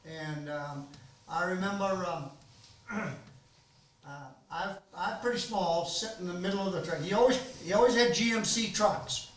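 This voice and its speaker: An older man from Maine tells stories to a room full of people, rambling and folksy, with plenty of ums and restarts. His voice sits fairly high. It comes from far off in a very echoey library room. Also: measured pace, fairly bright tone, a little hiss or hum. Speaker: host of a storytelling gathering. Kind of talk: casual storytelling to an audience.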